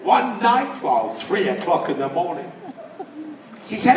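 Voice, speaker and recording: A man with an English accent doing a stand-up comedy routine, firing off one-liners in a loud, punchy delivery. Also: high-pitched, very animated, measured pace, pauses often. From England. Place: casino show room before a live audience. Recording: roomy live hall, mic at a distance, crowd and noise. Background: audience laughter.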